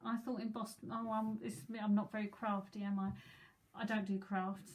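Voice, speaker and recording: A woman's voice: medium pitch, little pitch movement, moderate pace, low-quality recording. A woman in her fifties from England, chatting and giggling her way through a live psychic reading with rambling asides. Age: 50s. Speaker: psychic medium.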